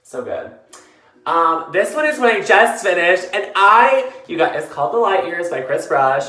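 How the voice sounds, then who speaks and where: Slightly drunk and lounging in the tub, a book vlogger rambles casually about books, filling his talk with fillers and giggles. His voice sits high, very animated and sharp, moving at a moderate pace, echoing off bathroom tiles over faint music.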